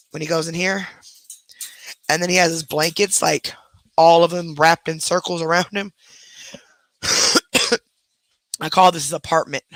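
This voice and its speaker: A woman's voice: sits low, a bit bright, no room sound. A woman hosting a casual livestream from home, rambling and chatting with her viewers. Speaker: livestream host. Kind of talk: casual live chat.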